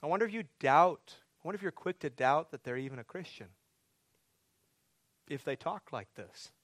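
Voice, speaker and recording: A man's voice: a little high, lively intonation, normal speed, a bit bright, dry recording, clean studio sound. A man preaching a sermon as pastor, earnest, building to pleading, emphatic questions.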